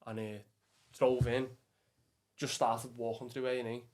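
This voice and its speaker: A young man with a Scouse accent tells an emotional personal story as a podcast guest. His voice sits in a middle pitch and holds flat, with little rise or fall. He speaks bluntly, swears freely and keeps calling the listener "lad". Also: measured pace. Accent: Liverpool Scouse. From England.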